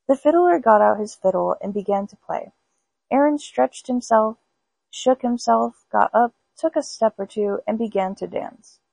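A woman's voice: a little high, moderate pace, creaky, a little mellow, slightly rough, no room sound, rough recording. A woman hosting a podcast, reading spooky folk tales aloud in an unpolished amateur way with small stumbles. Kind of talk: storybook read-aloud.

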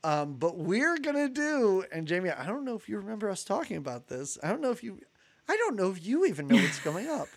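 A man's voice: high-pitched, very animated, fast talker, gravelly. A man co-hosting a podcast in casual chat, laughing often as he runs through upcoming episodes. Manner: chatty, laughs often, announces schedule. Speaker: podcast co-host.

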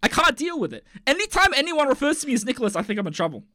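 A man in his thirties co-hosting a podcast in casual, joking chat, swinging between loud bursts and mumbles. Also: very high-pitched, big pitch swings, rapid-fire. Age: 30s. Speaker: podcast co-host.

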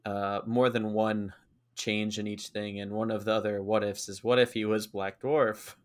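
A man's voice: fairly low pitch, level tone, moderate pace, slight background noise. A man cohosting a podcast, chatting casually and hesitantly with fillers. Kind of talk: casual chat.

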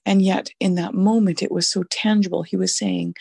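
A middle-aged woman with a weak, husky voice shares a personal faith testimony, halting and reflective, with many fillers. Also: on the low side, steady tone, a little mellow, no room sound. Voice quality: gravelly, husky voice. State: voice sounds weak or flaky. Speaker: Catholic mother sharing testimony.

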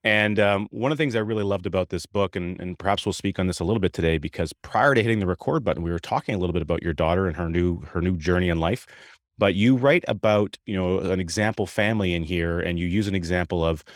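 A man's voice: low-pitched, fast, dry recording, clean studio sound. A man hosting a podcast, asking a long, chatty question and laughing easily. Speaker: podcast host. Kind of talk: conversational interview questions.

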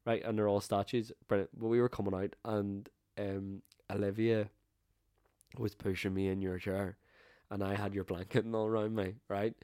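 A man's voice: on the low side, level tone, moderate pace, dark tone, clean tone, dry recording, studio quality. A young man, co-hosting a casual podcast, swearing freely and laughing through his stories. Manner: swears a lot, laughs while telling stories. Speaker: podcast co-host. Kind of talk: casual chat.

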